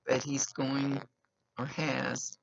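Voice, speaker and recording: Gravelly woman medium with a slight lisp. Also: rumbling low, little pitch movement, extremely slow. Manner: earnest, reassuring, repeats key phrases. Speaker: psychic medium. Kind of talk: giving a spoken reading to a client. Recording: dull lo-fi recording.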